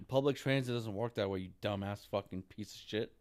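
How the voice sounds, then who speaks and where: In a rambling, repetitive venting monologue, a man with a somewhat low, darkish voice talks fairly quickly. He sounds exasperated, swears in nearly every line and keeps adding "dude" to his sentences.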